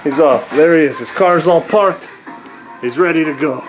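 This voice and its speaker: A man filming his young sons at home on a handheld camera, chatting in playful sing-song baby talk and turning hushed and tender at bedtime. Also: on the high side, moderate pace, music in the background. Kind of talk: casual family vlog. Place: family home, party then bedroom. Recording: noisy home video.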